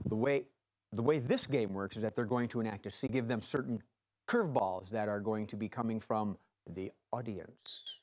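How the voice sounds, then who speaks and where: A man's voice: fairly low pitch, moderate pace. A man hosting a live improv comedy show, calling for audience suggestions in a playful, jokey way. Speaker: improv game host.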